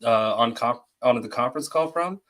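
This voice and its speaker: Male stream host, middle pitch, easygoing chat. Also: normal speed, fairly bright tone. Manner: easygoing, thanks viewers and chats with guests. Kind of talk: casual chat.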